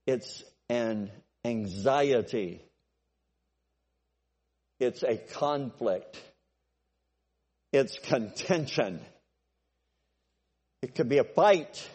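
A male preacher delivers a sermon in a chatty, meandering way, circling back and asking whether everyone is with him. His voice sits at an ordinary middle pitch. A long reverb from the hall trails after his words. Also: animated, very slow, long pauses, darkish tone, husky. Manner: conversational, repeats himself, asks the congregation if they follow.

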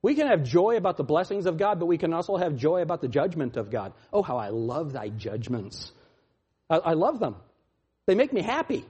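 A man preaching a sermon as pastor, mocking, jumping from loud laughing shouts down to low muttering. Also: very animated, fast, slightly rough.

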